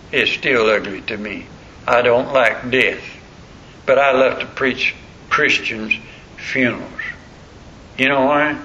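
A man's voice: mid-range voice, bright, forceful tone. An older man preaching a sermon in a folksy, rambling storytelling way. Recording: muffled lo-fi recording with faint noise.

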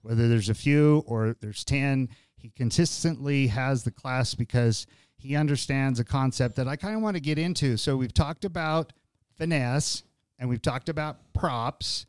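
Man, podcast host, conversational, restarts phrases, mid-pitched voice. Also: normal speed, darkish tone, clear, resonant tone, dry recording. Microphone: studio podcast mic.

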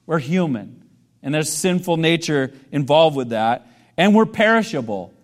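A man's voice: fairly high pitch, expressive, unhurried. A male pastor preaching a sermon in a conversational way, asking the congregation questions and joking with them.

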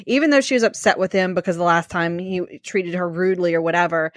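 A woman co-hosting a podcast, chatting casually about a romance novel and retelling scenes with lively acted-out lines. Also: fairly low pitch, quick pace, no room sound, clean studio sound. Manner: animated plot retelling, acting out characters' lines. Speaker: podcast co-host. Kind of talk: casual book discussion.

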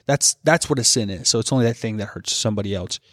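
A man's voice: fairly low pitch, fast talker, fairly bright tone, no room sound, clean studio sound. A young man co-hosting a faith podcast, speaking in a candid, reflective and loosely rambling way about his own life. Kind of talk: casual faith discussion.

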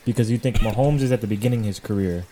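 Dark-voiced easygoing man. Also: fairly low pitch, rapid-fire, slight background noise. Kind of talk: casual chat.

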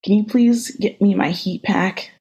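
A woman's voice: medium pitch, unhurried, creaky, dark tone, breathy edge, exaggerated voice. A woman reading a sweet cozy girlfriend. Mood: affectionate. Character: cozy young woman being cared for.

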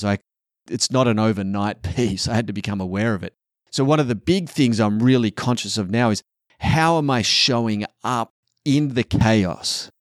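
A man's voice: medium pitch, no echo, studio quality. A middle-aged man talking candidly as a father on a podcast, earnest and often swearing. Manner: earnest, swears often, acts out quotes in a raised voice. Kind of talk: candid casual podcast talk.

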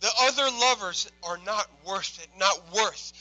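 A young man preaching a sermon, telling a personal story quietly, then building to loud, impassioned preaching. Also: high voice, unhurried, few pauses, poor audio.

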